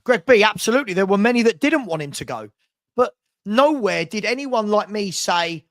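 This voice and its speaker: A man's voice: high-pitched, lively intonation, normal speed. A young man hosting a live football watchalong, ranting heatedly and hurling insults.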